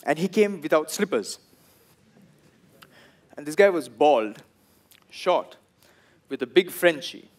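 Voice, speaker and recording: A young man with a Sri Lankan English accent performing a stand-up comedy set, telling stories and acting out the people in them in loud bursts. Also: on the high side, slow, pauses often. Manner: animated storytelling, acts out quoted people in loud bursts.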